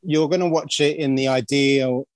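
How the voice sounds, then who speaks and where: A man's voice: medium pitch, steady tone, moderate pace, no echo. A man co-hosting a film podcast, talking in a rambling way and often repeating himself as he looks for the words. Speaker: podcast co-host. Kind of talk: casual chat.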